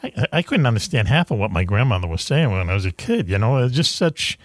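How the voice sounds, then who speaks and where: A man's voice: on the low side, very animated, quick pace, no echo. Easygoing male radio host, dry sound. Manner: laid-back, joking, many fillers and laughs. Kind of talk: casual panel chat.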